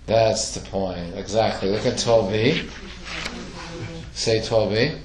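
A man's voice: fairly low pitch, fairly even intonation, slow pace, roomy sound, crowd noise. A man leading a casual religious study class, asking the group questions as he explains. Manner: questioning, conversational, asks the class. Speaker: class teacher.

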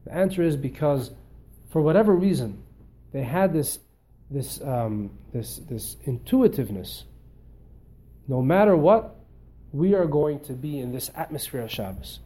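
Male teacher giving a class, warm mellow voice, a touch higher-pitched, animated and repetitive. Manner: animated, repeats words while searching for phrasing. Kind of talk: storytelling lecture.

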